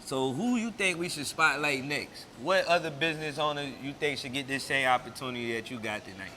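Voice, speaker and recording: A man's voice: mid-range voice, fairly quick, pushed and bright, a little hiss or hum. A man hosting an interview, laid-back and affirming, speaking in casual slang. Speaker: interview host.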